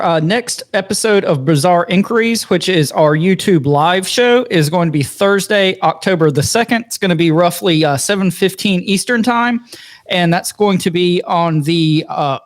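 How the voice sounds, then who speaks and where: Wry high-voiced podcast co-host. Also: male voice, moderate pace. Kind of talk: casual podcast chat.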